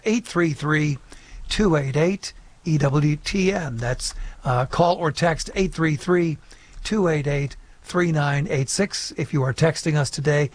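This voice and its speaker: A man hosting a live call-in radio show, upbeat and clear as he reads out contact details. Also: fairly high pitch, no echo.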